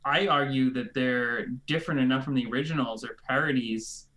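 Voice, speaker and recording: A man's voice: medium pitch, brisk, sharp tone. A man chatting as a guest on a live stream, rambling and hesitant and full of fillers. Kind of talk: casual streamed chat.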